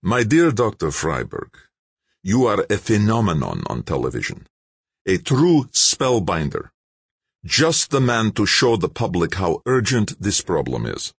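A man voicing a stern male Russian official who speaks formally and threateningly, in a husky voice. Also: on the low side, very animated, measured pace, dry recording, pitched above the performer's own voice, heavily acted. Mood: smooth.

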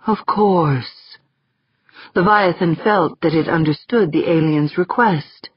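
A woman narrates an audiobook in a steady, measured way, with a husky, low voice. The recording is dry and slightly dull. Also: dry recording.

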